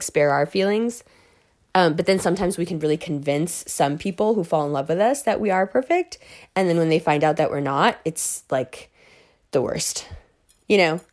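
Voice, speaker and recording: A woman getting over the flu, talking to her viewers about astrology in a blunt, profane, animated ramble. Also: fairly low pitch. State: recovering from flu, voice a bit off. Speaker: astrology content creator. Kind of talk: casual rambling monologue to viewers.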